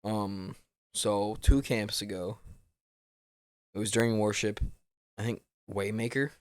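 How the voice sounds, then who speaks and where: A man with a fairly low voice tells a personal story earnestly, often stopping and restarting. The sound is dry and close. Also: fairly even intonation, slow pace, smooth, dry recording. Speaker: guest.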